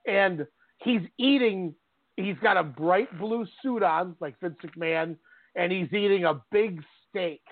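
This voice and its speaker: High-voiced man on a tinny line. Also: slow, no room sound. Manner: animated storytelling, often laughs. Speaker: podcast co-host. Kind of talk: casual chat about wrestling. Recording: tinny phone-like line, dry.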